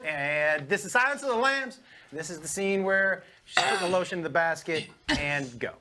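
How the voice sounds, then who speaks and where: A man's voice: high voice, animated, moderate pace, pushed and bright, a little hiss or hum. A man hosting an improv game, upbeat and laughing as he explains scenes. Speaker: host. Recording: live audience laughing behind.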